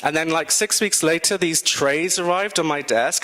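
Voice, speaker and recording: A British man giving a casual, animated guest talk to students, chatty and self-mocking. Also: on the high side, moderate pace. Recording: long reverb in a hall.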